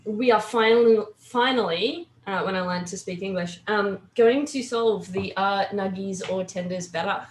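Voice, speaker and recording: A woman's voice: medium pitch, moderate pace, few pauses. Female co-host on a video call, echoey room, faint background hum, upbeat and giggly. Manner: upbeat, laughs easily. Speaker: conference co-host. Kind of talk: casual livestream chat.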